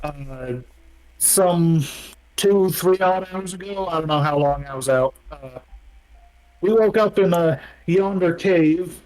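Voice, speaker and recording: A man's voice: fairly high pitch, slow, darkish tone, poor audio. A man doing a folksy drawling cowboy. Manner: folksy drawl with country slang. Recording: faint music behind.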